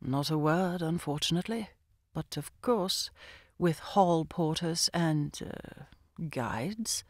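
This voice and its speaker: A woman's voice: low voice, takes it slowly, darkish tone, no echo, studio quality, pitched below the performer's own voice. Woman putting on a flustered, stammering male secretary. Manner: hesitant, stumbling over fillers. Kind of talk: audiobook character voice.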